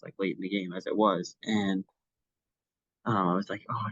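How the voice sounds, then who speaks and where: Young man, podcast co-host, casual sports chat, fillers and restarts, lowish voice, dull lo-fi dry audio. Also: no echo. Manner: chatty, many fillers and restarts.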